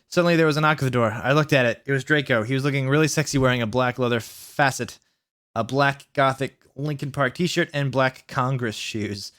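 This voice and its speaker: A young man reading a story aloud for a comic challenge, animated and laughing through lines. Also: medium pitch, brisk, no room sound, clean studio sound. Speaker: YouTube reader.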